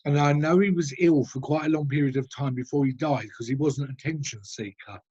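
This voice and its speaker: A man giving a mediumship demonstration over a video call, halting and hesitant as he describes at length. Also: fairly high pitch, warm tone, husky, highs cut off. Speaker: spiritualist medium.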